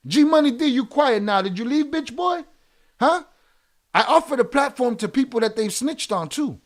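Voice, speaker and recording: A man's voice: very high voice, lively intonation, normal speed. A man, streaming and heatedly berating a viewer in chat, swearing hard. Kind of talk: angry livestream rant.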